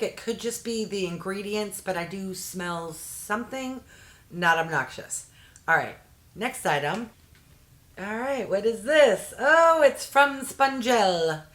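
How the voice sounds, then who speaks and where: A woman's voice: mid-range voice, a bit bright. A middle-aged woman chatting casually as she unboxes beauty products, easily delighted and making jokey asides. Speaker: unboxing vlogger.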